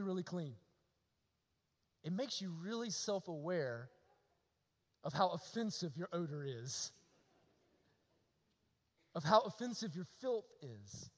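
High bright-voiced preacher, echoing hall. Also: male voice. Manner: swings from hushed near-whispers to emphatic shouts; repetitive rhetorical questions to the congregation. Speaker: pastor. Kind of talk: sermon. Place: church sanctuary.

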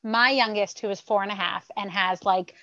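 A woman's voice: medium pitch, moderate pace, no echo. A woman from Canada in her thirties, a mother chatting and teasing as a podcast guest. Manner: chatty, teasing, animated storyteller. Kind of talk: casual chat. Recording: dull, dry remote call audio.

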